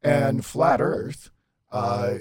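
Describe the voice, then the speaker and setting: A man speaking through a voice-disguising filter as a podcast guest, measured and articulate with formal wording. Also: over a noisy crowd. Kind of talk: casual podcast conversation. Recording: heavy background noise.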